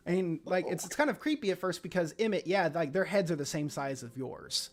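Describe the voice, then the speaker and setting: A man's voice: high voice, expressive, a little fast. A man narrating as game master of a tabletop game, rambling and descriptive with many fillers. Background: faint music.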